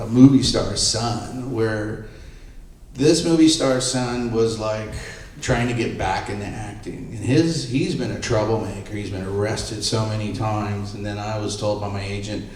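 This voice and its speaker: A middle-aged photographer with a lowish voice speaks on a panel, telling anecdotes with animation and acting out the voices of the people in them. The event room is echoey and the mic is far away.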